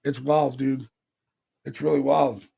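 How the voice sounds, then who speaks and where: A man from Pennsylvania hosting a podcast, telling stories in a casual, animated way, acting out quotes and swearing freely. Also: mid-range voice, takes it slowly, gravelly, husky. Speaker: paranormal podcast host. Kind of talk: casual storytelling chat.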